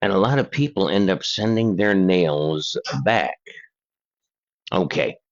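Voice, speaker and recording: Unhurried older man, lo-fi. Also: low-pitched, animated. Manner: slow, chatty asides to viewers. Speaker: paranormal channel host. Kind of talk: casual reading of letters and articles.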